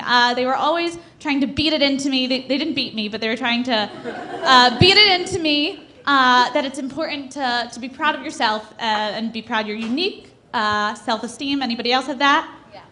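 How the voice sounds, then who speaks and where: A young woman performing a stand-up comedy set on a club stage into a handheld mic, with a hesitant, deadpan delivery full of fillers. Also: high voice, fairly quick. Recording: noisy live club recording.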